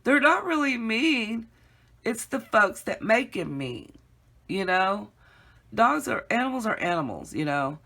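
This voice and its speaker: Chatty woman craft vlogger, bright, gravelly voice, rambling storyteller. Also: mid-range voice, very animated, measured pace. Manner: chatty, rambling, laughs often, addresses viewers as y'all. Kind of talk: casual storytelling to viewers.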